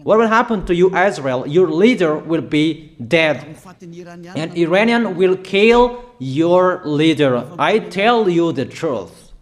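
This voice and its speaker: A man preaching a declaratory sermon, emphatic and repetitive, addressing listeners directly with halting pauses. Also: fairly high pitch, animated.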